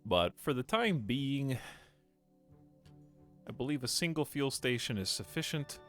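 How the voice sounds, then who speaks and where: A man's voice: mid-range voice, lively intonation, measured pace, a bit bright, soft background music. A man streaming a game live, rambling casually to his chat as he plays. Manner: rambling, talks to chat while playing.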